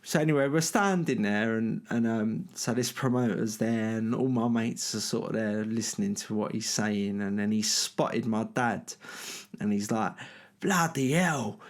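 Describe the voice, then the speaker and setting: A middle-aged man, telling a rambling anecdote full of fillers and restarts. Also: mid-range voice. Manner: rambling, filler-heavy, lots of "you know what I mean". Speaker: storyteller. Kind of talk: casual anecdote.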